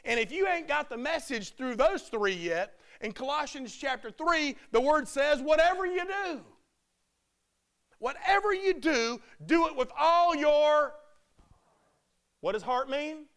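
A man preaching a sermon with emphatic delivery, building to loud shouted peaks. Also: very high voice, lively intonation, a little slow.

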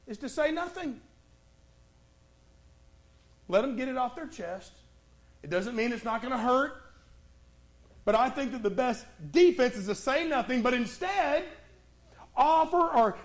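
A man preaching a sermon and retelling a Bible story, with dramatic pauses and swings from loud to hushed. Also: extremely high pitch.

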